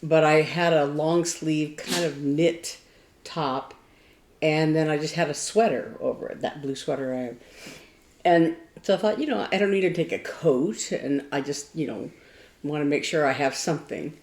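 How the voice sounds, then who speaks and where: A woman's voice: low-pitched, normal speed, a little mellow. A woman co-hosting a casual craft podcast who tells meandering, thoughtful stories. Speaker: podcast co-host. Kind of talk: casual chat. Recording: echoey room.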